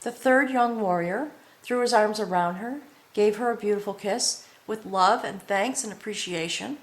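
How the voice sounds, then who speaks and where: A woman reads tarot for her viewers in a mid-pitched voice, earnest and devotional, often pausing to ask whether they follow her. The recording has a noticeable roomy echo. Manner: earnest, addresses the viewer with frequent "okay?". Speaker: tarot reader. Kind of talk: spiritual tarot reading to camera.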